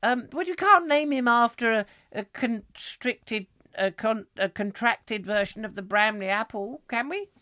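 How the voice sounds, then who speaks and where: A man voicing a fussy, flustered wife in an improvised comic sketch, in a fluttery falsetto that dithers over its words. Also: a little slow, hardly any pauses, sharp tone, dry recording, studio quality, full character voice. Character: fussy Victorian-style wife, shrill and flustered.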